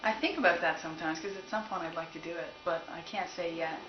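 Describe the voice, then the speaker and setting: Low-voiced laughing woman, roomy recording. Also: quick pace. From Canada. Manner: laughs often, rambling and candid. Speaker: musician answering fan questions. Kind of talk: casual chat. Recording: roomy, dull, noisy recording.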